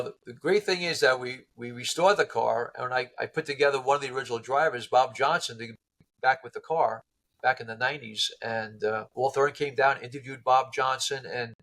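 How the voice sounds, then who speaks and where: Male interview guest, animated storyteller who voices his quotes. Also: mid-range voice, rough recording. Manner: lively, acts out quoted people in voices. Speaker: interview guest, car restorer.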